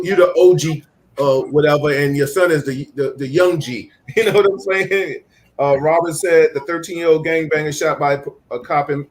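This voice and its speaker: A man hosting a casual talk show, reading out viewer comments and retelling stories with energy. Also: a little high. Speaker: host. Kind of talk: casual chat.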